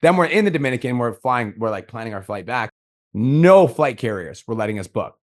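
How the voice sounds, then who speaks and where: A man's voice: medium pitch, sing-song. A man hosting a podcast, telling stories in casual chat and swearing freely. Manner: profane, fast storytelling. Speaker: podcast host.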